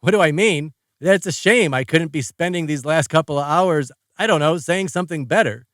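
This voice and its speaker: A man's voice: fairly high pitch, brisk, a bit bright, dry recording, clean studio sound. A man narrating a first-person audiobook in a wry, rambling, conversational way.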